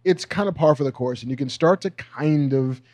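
A man co-hosting a podcast in casual chat, explaining context in a relaxed, chatty way. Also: on the high side, normal speed, no echo. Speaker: podcast co-host.

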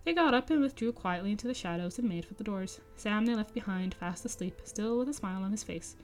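A woman's voice: mid-range voice, expressive, quick pace, a little mellow. A woman hosting a podcast, reading a book aloud and breaking off for chatty, enthusiastic asides full of fillers. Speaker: podcast host and reader. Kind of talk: book reading with casual commentary.

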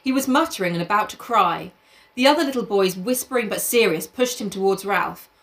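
A woman's voice: medium pitch, expressive, fairly quick, fairly bright tone. A young woman, reading a novel aloud in a casual chat, often laughing and breaking off to swear and comment.

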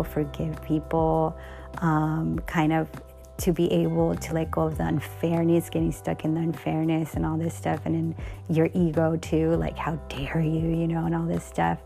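A woman's voice: sits low, vocal fry, darkish tone. A middle-aged woman hosting a podcast, candidly telling a personal story in a rambling way, full of restarts and fillers.

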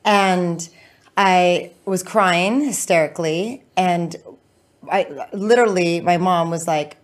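Woman guest on a podcast, animated storyteller, voice swings up high when she acts out people. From Southern California. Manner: lively, acts out voices in her stories, quick asides.

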